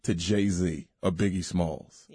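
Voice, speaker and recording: A comedian talking in a casual interview, loose and slangy with lively restarts, recorded on a studio mic. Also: male voice, low-pitched, takes it slowly, breathy edge, dry recording. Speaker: comedian guest.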